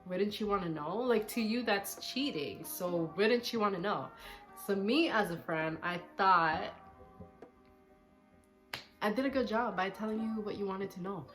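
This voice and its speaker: A woman's voice: medium pitch, a little slow, soft background music. Chatty, sassy young woman telling a story. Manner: chatty and candid, with a petty, sassy streak. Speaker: vlogger. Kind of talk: casual storytime chat.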